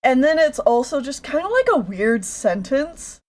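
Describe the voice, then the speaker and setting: A woman co-hosting a casual fan podcast, making thoughtful, measured points. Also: high voice, big pitch swings, a little mellow.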